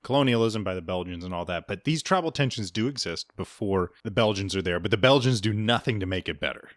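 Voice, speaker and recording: A man with a low voice co-hosting a casual history podcast, heard up close on a dry, deadened mic. He rambles through his points with frequent chuckles and restarts. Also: lively intonation, fast talker, no room sound. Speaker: podcast co-host.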